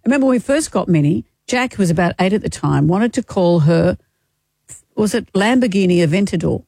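A woman's voice: medium pitch, animated, fairly quick, gravelly, a little mellow, no echo. A woman with an Australian accent co-hosting a radio show, telling stories in casual banter and laughing easily. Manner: chatty storyteller, laughs easily. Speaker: radio co-host. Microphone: studio microphone.

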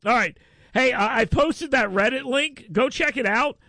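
A man's voice: extremely high pitch, normal speed, sharp tone, dry recording, studio quality. A man hosting a talk radio show, telling a rambling story full of mocking voices. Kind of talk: casual radio chat.

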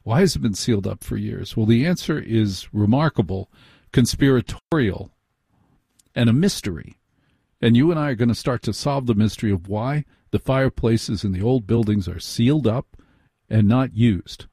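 A man hosts late-night talk radio, his voice mellow and warm. The dry, close studio sound keeps him intimate as he teases out a mystery in a conversational way. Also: fairly low pitch, lively intonation, moderate pace, vocal fry, slightly rough, no room sound. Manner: conversational, teasing, builds intrigue. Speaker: radio host.

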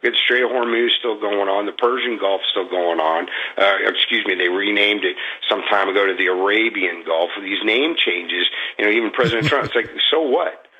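A man's voice: fairly low pitch, moderate pace, hardly any pauses, bright, forceful tone, breathy edge, dull audio. A man calling in to a talk show, venting about politics in a rambling, frustrated way, full of fillers and restarts. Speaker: caller. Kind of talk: political call-in rant. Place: Florida.

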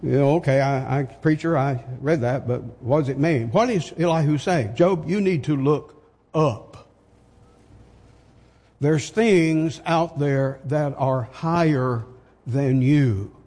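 A man's voice: fairly high pitch, takes it slowly, a little mellow, big-room sound. An older man preaching a sermon, pressing his points with emphatic rhetorical questions.

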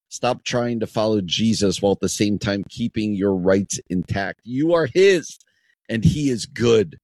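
Guy preaching a devotional on the radio, really slow and deliberate, earnest, keeps repeating lines for emphasis. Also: mid-range voice, a little mellow, no echo.

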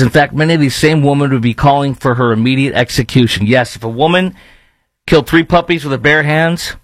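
A man's voice: medium pitch, no echo, rough recording. A man with a Chicago accent hosting a blunt, scornful opinion commentary, rambling with fillers between points. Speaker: commentary host.

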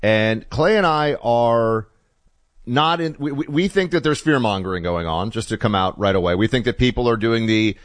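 A man's voice: mid-range voice, normal speed, no echo. A man hosting a political talk show, introducing a guest and rambling casually with his opinions.

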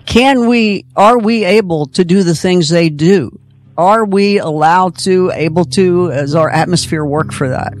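A man hosting a call-in radio show, upbeat and playful, jumping in with quick remarks. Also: sits high. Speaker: radio host taking calls.

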